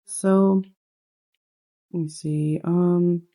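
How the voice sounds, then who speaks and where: A woman's voice: on the low side, fairly even intonation, extremely slow, mellow. A woman casually narrating a life-sim game story, chatting to viewers with fillers along the way. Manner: chatty, addresses viewers as "you guys".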